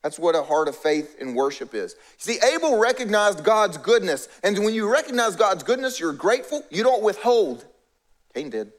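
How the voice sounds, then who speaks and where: A man's voice: sits high, big pitch swings, moderate pace. A middle-aged male pastor preaching a conversational sermon, acting out the voices of biblical characters.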